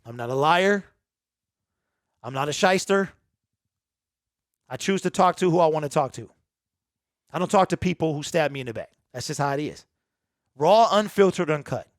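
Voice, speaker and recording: Sports channel host, male, emotional and emphatic, repeats his points, pitched a touch high, dry and close. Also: lively intonation, moderate pace, long pauses, no echo. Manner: emphatic, repetitive, earnest and emotional. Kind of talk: raw unedited monologue to camera.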